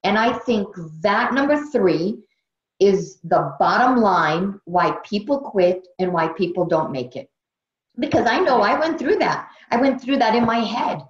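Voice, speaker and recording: A woman's voice: mid-range voice, expressive, unhurried. Woman host, tired and heartfelt, repeats herself for emphasis; roomy, muffled call sound. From Brazil. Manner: earnest, emotional, repeats phrases for emphasis. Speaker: training host. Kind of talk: motivational team training on a video call. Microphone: video call. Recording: dull roomy video call audio.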